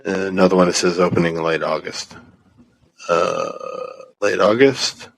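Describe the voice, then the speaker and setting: A man's voice: low voice, normal speed, vocal fry, low-quality recording. A man, co-hosting a podcast in casual, rambling chat. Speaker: podcast co-host.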